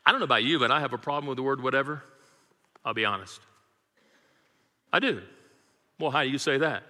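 A man's voice: mid-range voice, brisk, long pauses, bright, forceful tone, big-room sound. A man preaching a sermon as pastor, emphatic and rhythmic, calling out to his congregation in a church sanctuary.

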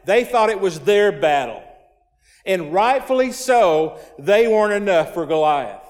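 A man's voice: high-pitched, animated, unhurried, a little mellow. A man preaching a sermon, reading scripture verses and retelling them in folksy slang. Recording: long hall reverb.

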